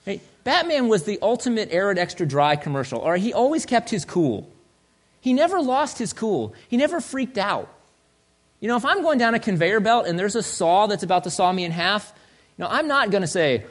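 A male pastor preaching a sermon in a conversational, joking way, swinging between loud and soft. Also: high voice, big pitch swings, fairly quick.

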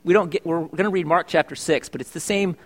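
A man's voice: fairly high pitch, fast. A middle-aged male pastor preaching a sermon in church, chatty and joking, asking his congregation questions. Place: church service.

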